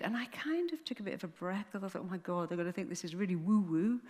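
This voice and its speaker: A middle-aged woman, a therapist telling a story on stage with animated delivery and acted-out quotes. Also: medium pitch, quick pace, few pauses. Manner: animated, acts out quoted voices. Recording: long hall reverb.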